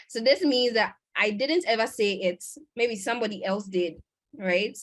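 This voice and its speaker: A woman's voice: a little high, normal speed. Woman, conference presenter, conversational lecture, video call. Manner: conversational, with fillers and restarts.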